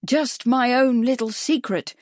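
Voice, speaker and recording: Woman playing a loud, careful gentleman owner. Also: a little high, unhurried, dry recording, studio quality, pitched above the performer's own voice, lightly acted. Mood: earnest. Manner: speaks loudly and distinctly, as if to a deaf man. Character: polite, slightly awkward gentleman horse owner.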